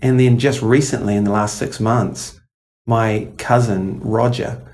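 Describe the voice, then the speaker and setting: A man's voice: fairly low pitch, fairly even intonation, a little slow, darkish tone. A man from New Zealand with a New Zealand accent, a guest musician telling stories in a loose, rambling way. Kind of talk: interview conversation.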